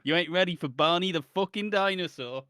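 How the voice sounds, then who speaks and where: A man's voice: sits high, a little fast, sharp tone, smooth, dry recording, studio quality. A man with a British accent, co-hosting a podcast in casual chat, sarcastic and full of swearing and mocking impressions. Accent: British English. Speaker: podcast co-host.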